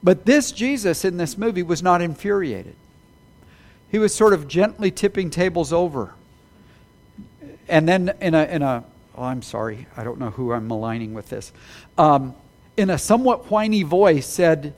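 Man, pastor, high-pitched voice, animated sermon delivery. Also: normal speed. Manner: animated, rising to emphatic peaks, apologetic asides.

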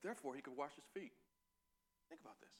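A man from Northeast Texas with a Southern Texan accent, preaching a sermon that swings from quiet musing to loud, drawn-out exclamation. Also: mid-range voice, expressive. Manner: laughs and exclaims often.

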